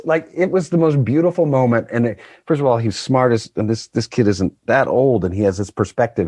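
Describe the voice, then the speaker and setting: A man in his fifties, a guest actor in casual chat, telling stories in an animated way. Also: on the low side, dry recording. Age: 50s.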